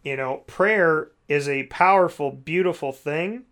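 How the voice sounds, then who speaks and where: A man's voice: on the high side, unhurried, fairly bright tone. A man talking casually about faith and prayer, rambling, with many fillers. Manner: rambling, many "you know"s, restarts.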